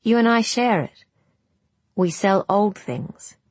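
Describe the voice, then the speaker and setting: A woman voicing a gentle, soft-spoken young woman comforting her grandmother, in a storybook reading. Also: mid-range voice, takes it slowly, dry recording, pitched above the performer's own voice. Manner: soft, hesitant.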